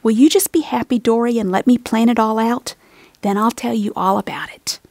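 A woman voicing a kind, caring schoolteacher in a storybook reading, gentle and reassuring. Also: on the high side, steady tone, fairly quick, no echo.

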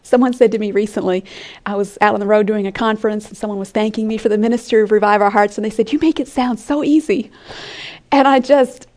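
A woman giving an earnest sermon-style Bible teaching, often dropping her voice to a soft whisper for emphasis. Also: mid-range voice, fairly even intonation, quick pace. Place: conference room with an audience.

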